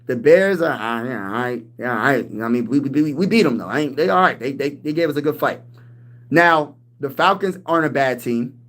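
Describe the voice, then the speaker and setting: A man's voice: medium pitch, expressive, a little fast, fairly bright tone. A man in his thirties hosting a casual live-stream sports talk show, hyped and slangy as he reads and answers chat. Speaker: sports channel host.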